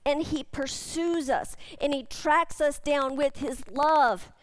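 High-voiced woman pastor preaching emphatically. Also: slow pace, dry recording. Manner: emphatic, repeating key phrases. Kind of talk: sermon.

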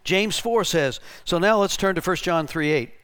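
A man preaching a storytelling sermon in an animated way, restarting and repeating words and rising to shouted bursts. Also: high voice, moderate pace, smooth. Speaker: pastor.

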